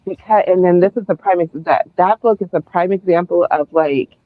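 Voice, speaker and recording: A woman's voice: fairly low pitch, animated, a little fast, hardly any pauses, dry recording. A woman hosting a book club talk, speaking bluntly and swearing freely as she gives her opinions. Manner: blunt, profane and emphatic when ranting. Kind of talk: casual podcast discussion. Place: remote video call. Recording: tinny phone-like dry sound.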